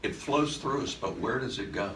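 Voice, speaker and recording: A man presenting at a workshop, telling a story to a live audience in an animated way and laughing as he goes. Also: medium pitch, normal speed, background noise. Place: event room at a center. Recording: echoey room, mic some distance off.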